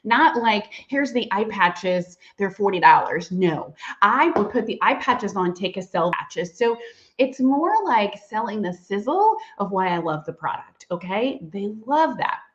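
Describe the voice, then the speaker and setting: Chatty middle-aged woman, animated voice, livestream trainer, dull lo-fi sound. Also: medium pitch, a little slow. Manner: bubbly, chatty, laughs often. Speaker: direct-sales trainer.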